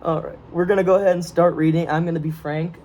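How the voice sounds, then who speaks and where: Young American man with a higher voice. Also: level tone, quick pace, darkish tone. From United States. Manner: joking, laughs often, trips over words. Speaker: co-host of a script reading video. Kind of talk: casual banter. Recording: faint room noise.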